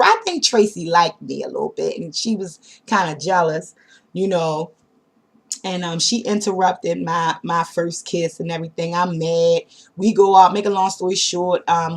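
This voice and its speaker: Animated woman telling a storytime. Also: a little high. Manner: animated, slangy, speaks directly to viewers. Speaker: vlogger. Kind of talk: casual storytime.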